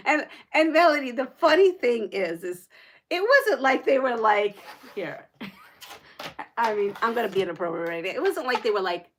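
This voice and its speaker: A middle-aged woman hosting a livestream, telling a story in casual chat, laughing often and animated. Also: mid-range voice, normal speed, background noise. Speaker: livestream host.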